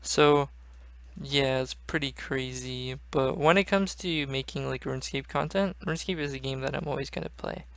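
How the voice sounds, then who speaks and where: A man's voice: mid-range voice, moderate pace, creaky, a bit bright. A young man hosting a gaming channel, rambling casually and swearing often. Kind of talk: casual gaming vlog chat.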